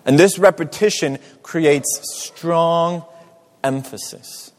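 A man preaching a sermon, slow and emphatic, repeating his key words for stress. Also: on the high side, big-room sound.

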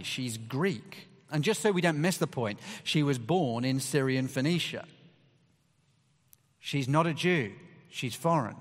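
A man preaching a sermon to a congregation, talking in a conversational way with emphatic bursts of stress. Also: medium pitch. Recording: long hall reverb.

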